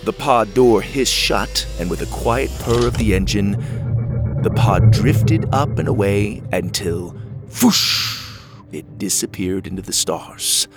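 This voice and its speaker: A man narrating a children's space adventure story in a steady, descriptive read-aloud manner. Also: on the low side, slow, music in the background.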